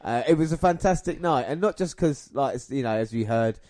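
Podcast guy reminiscing, mellow voice, dry close sound, lots of you know and um. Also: medium pitch, lively intonation, brisk, dry recording. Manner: rambling, with fillers. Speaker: podcast co-host. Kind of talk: casual podcast chat.

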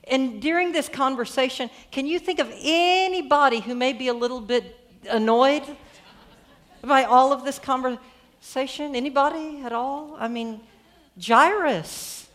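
Woman preacher, animated storytelling sermon. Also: sits high, measured pace. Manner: animated, conversational, asks the audience questions.

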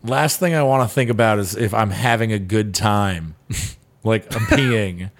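A man's voice: on the low side, unhurried, slight background noise. A young man co-hosting a podcast, chatting casually and laughing along. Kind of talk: casual chat.

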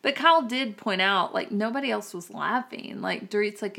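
A woman's voice: medium pitch, moderate pace, vocal fry, a bit bright. A woman co-hosting a podcast, chatting casually and often quoting others in put-on voices. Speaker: podcast co-host. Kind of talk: casual chat recap.

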